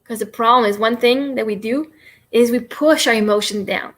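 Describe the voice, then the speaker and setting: In a fairly high voice at a moderate pace, a woman runs a relaxed livestream teaching tapping. She demonstrates and explains it while rambling in a chatty, self-deprecating manner.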